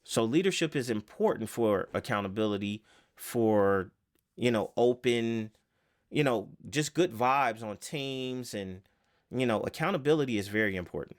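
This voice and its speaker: A man's voice: mid-range voice, animated, moderate pace. A man giving a casual self-help lesson, rambling with fillers and rhetorical questions.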